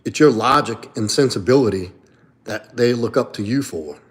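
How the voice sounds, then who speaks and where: A man talks casually on a live stream, answering viewers' questions. He is blunt and opinionated, with frequent swearing. His voice sits at a middle pitch. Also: normal speed. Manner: blunt, profane, reads and answers chat. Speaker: livestream host and coach. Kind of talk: casual livestream chat.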